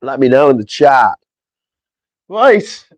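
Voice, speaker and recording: A man's voice: medium pitch, big pitch swings, slow, dry recording. Male streamer, chatty and sweary, tired, dry close-miked sound. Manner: chatty, sweary, reads viewers' comments aloud. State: short on sleep. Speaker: livestream host. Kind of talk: casual live-stream chat. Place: outdoors in the wind. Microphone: small clip-on mic with foam.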